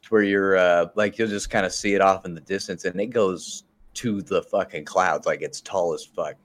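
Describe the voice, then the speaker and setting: A man's voice: deep voice, fairly even intonation, moderate pace. A man co-hosting a casual gaming podcast, rambling and laid-back with plenty of swearing. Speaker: podcast co-host.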